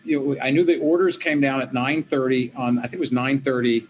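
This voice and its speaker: A man, a former politician and law professor, recounting events as an interview guest in a lively storytelling manner, acting out the dialogue he quotes. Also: medium pitch, a little fast, dull audio, slight background noise. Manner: animated, acts out quoted dialogue. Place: home office at a desk.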